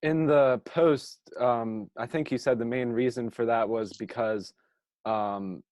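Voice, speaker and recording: A man's voice: mid-range voice, takes it slowly, darkish tone, dry recording. A man in a mid-range voice co-hosting a podcast, mostly with short reactions and prompting questions. His voice is recorded dry and close, with no room sound. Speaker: podcast co-host. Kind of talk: casual podcast chat.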